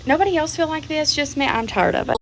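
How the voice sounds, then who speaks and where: A fed-up woman venting straight to the camera in a fairly high voice. She sounds exasperated, keeps circling back on herself, and throws in mild curses. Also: animated, fast talker, slight background noise, poor audio. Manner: exasperated, swears mildly, repeats herself.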